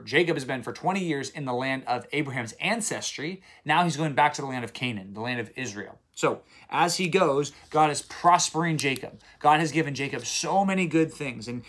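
A man hosting a daily Bible reading video, retelling scripture in relaxed everyday speech. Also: mid-range voice. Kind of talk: casual Bible teaching.

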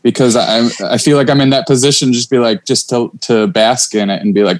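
A man's voice: medium pitch, fairly even intonation, a little fast, hardly any pauses, no echo. A man co-hosting a podcast, talking casually and bluntly and swearing freely. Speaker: podcast co-host.

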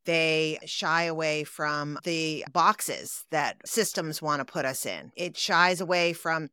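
A woman therapist co-hosting a casual chat, unhurried and affirming, with many soft agreements. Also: low-pitched, smooth, dry recording, studio quality. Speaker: therapist and podcast co-host.

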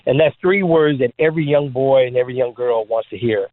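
A man's voice: mid-range voice, fairly quick, dry recording. Man, former basketball pro, chatty storyteller, jokey, dry phone-line sound. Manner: joking, animated storyteller with many fillers. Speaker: guest, former trick basketball player. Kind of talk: storytelling interview talk.

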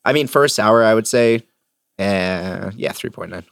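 A man's voice: on the low side, normal speed, vocal fry, no echo, studio quality. A man, co-hosting a podcast in easygoing casual chat. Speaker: podcast co-host.

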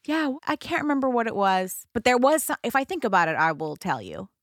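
A young woman co-hosts a relaxed podcast chat. She reacts quickly with exclamations that rise high, and her pitch moves a lot. Her voice sounds dry and close. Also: no echo. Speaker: podcast co-host. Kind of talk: casual chat.

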